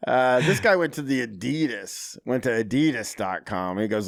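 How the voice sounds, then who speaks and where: A man hosting a podcast, teasing his guest in deadpan jabs and reading reviews aloud. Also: mid-range voice, normal speed, creaky, few pauses, no echo, studio quality. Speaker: podcast host.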